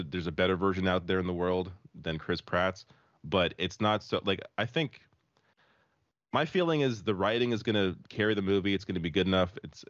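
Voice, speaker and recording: A man on a podcast panel, chatting casually and giving his opinion in a measured, hedging way. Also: deep voice, fairly bright tone, dry recording, lo-fi sound.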